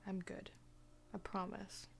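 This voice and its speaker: A young woman chatting in a personal vlog, soft-spoken and often dropping to a half-whisper, with many fillers and restarts. She talks slowly and without hurry. A faint hum sits under the recording. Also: mid-range voice, flat delivery, gravelly. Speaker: vlogger.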